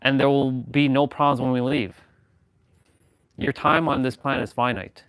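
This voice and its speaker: A man hosting a casual chat, rambling with lots of fillers and restarts, shifting into livelier, louder stretches when worked up. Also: medium pitch, steady tone, moderate pace, clean tone, no echo. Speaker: host.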